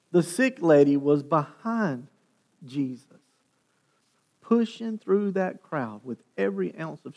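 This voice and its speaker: A male pastor preaching a sermon, retelling a story with animated, dramatic delivery. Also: fairly high pitch. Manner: animated, dramatic storytelling with sharp swings in loudness.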